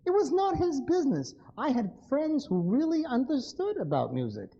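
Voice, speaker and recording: A man's voice: very high voice, huge pitch swings, moderate pace, creaky, warm tone, lo-fi sound. A man giving a live lecture, blunt and wry, speaking straight to his audience.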